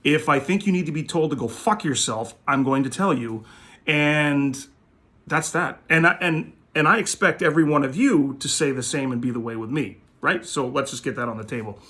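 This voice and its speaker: A man hosting a show, telling a story in a blunt, profane, animated way. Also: fairly high pitch, moderate pace. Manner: blunt, swears constantly, animated retelling. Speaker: host, sports card dealer.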